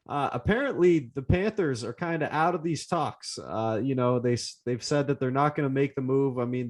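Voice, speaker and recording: Young man steering a sports chat. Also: mid-range voice. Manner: steers topics, enthusiastic. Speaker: podcast co-host.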